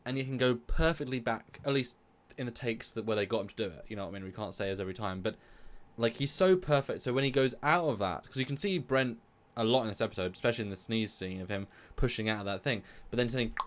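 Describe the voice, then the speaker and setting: A man's voice: medium pitch, fast, hardly any pauses. A man co-hosting a live review stream, talking enthusiastically and rambling with many restarts. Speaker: co-host of a live review show. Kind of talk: casual live-stream discussion.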